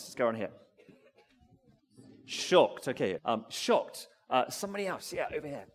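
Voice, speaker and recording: A man giving a family-friendly sermon, asking the congregation questions and talking back and forth with them in a lively way. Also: on the high side, moderate pace, slight background noise. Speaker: preacher. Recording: long hall reverb.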